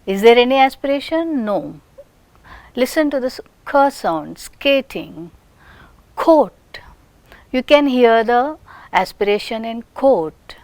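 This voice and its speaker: Slow, deliberate woman lecturing on phonetics. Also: a little high, lively intonation, a little mellow, no room sound. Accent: Indian English. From India. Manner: slow, deliberate, demonstrating sounds with whispered examples. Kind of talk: recorded lecture.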